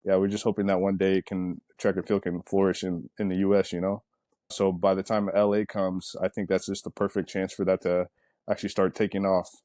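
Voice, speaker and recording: Low, warm male voice; laid-back athlete guest, easygoing rambling delivery, dry close recording. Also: a little fast, dry recording. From United States. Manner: relaxed, rambling storytelling with many fillers. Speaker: Olympic sprinter guest. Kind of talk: casual interview talk.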